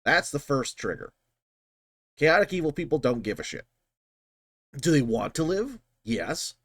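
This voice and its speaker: A man talks through a film scene in relaxed, rambling commentary, his voice rising and falling in a lively way. He swears freely and circles back on his words. The sound is close and dry, with almost no room echo. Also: on the high side, measured pace. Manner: rambling, profane, animated. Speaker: channel host. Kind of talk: casual explanatory commentary.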